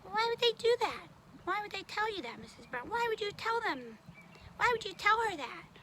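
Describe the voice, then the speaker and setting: A woman's voice: very high-pitched, moderate pace, noisy background. A woman voicing Ty, a young male tiger puppet in a children's show, whiny and dramatic. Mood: defensive, whiny. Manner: whiny, dramatic, swings between pleading and excitement.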